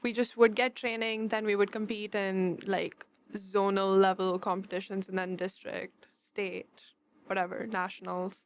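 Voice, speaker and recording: A woman from India with an Indian accent, co-hosting a podcast in a measured, matter-of-fact way. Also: medium pitch, little pitch movement, dry recording. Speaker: podcast co-host. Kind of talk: casual chat.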